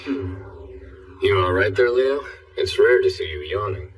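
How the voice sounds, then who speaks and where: An actor voicing a calm, analytical male student who talks in a measured, reasoning way, in an anime dub. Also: lowish voice. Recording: distant voice with music.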